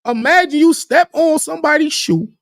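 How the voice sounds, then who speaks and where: Animated, profane male battle rap commentator. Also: extremely high pitch, moderate pace, no room sound, studio quality. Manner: animated, profane, restarts words often; acts out quoted arguments in a raised voice. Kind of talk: casual livestream commentary.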